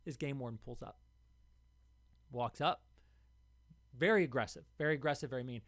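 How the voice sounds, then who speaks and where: A young man hosts his own podcast and tells the story in a loose, unscripted monologue. He gets heated and circles back, repeating words as he pushes his point. His voice sits at a middling pitch, and the recording is dry and close. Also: normal speed, a bit bright, dry recording. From Ohio. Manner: heated, repetitive, restarts words when worked up. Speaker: podcast host.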